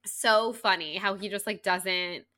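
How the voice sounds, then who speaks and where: A woman co-hosting a podcast, talking casually and at length about a book, with lots of fillers and a rambling, animated delivery. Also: medium pitch, a little slow, dry recording. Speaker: podcast co-host.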